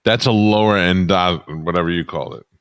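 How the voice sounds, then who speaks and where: Deep-voiced middle-aged man telling stories. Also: moderate pace, no echo. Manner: wry, laughing, blunt. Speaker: podcast co-host. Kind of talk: comedic banter and storytelling.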